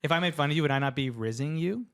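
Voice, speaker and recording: A man's voice: on the high side, rapid-fire. A man co-hosting a podcast, chatting casually in a rambling, self-questioning way and laughing often. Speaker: podcast co-host. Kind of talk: casual chat.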